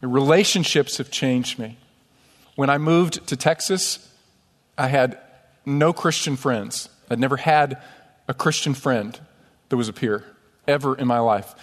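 A man's voice: mid-range voice, a little slow. A man from upstate New York preaching a sermon as pastor, conversational and self-deprecating, in a church sanctuary. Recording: long church hall reverb.

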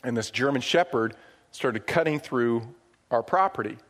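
A middle-aged man from upstate New York preaching a sermon, telling stories with swings from hushed asides to loud, emphatic points. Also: mid-range voice, animated, moderate pace. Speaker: pastor.

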